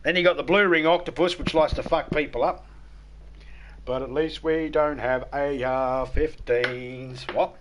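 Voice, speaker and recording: A man's voice: fairly high pitch, fairly even intonation, a little slow, lo-fi sound, noisy background. A middle-aged man with an Australian accent, a game streamer chatting casually, rambling and swearing freely with blunt humor. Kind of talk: casual chat.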